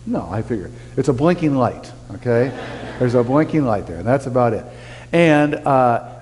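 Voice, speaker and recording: Preaching in a church sanctuary with long reverb, this male pastor speaks folksily and conversationally, talking straight to his congregation and tossing in casual asides. His mid-range voice is a little mellow, with slight background noise.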